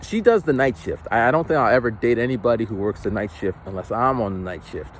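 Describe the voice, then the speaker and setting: A man's voice: mid-range voice, fast, slight background noise. A man casually telling a rambling story, with many restarts. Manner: rambling, animated, many restarts, acts out voices. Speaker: vlogger.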